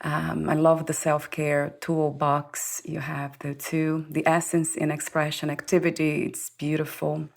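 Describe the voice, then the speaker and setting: A woman's voice: deep voice, level tone, unhurried, creaky, hardly any pauses. A woman interview host who speaks admiringly, praising her guest's work. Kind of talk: interview questions.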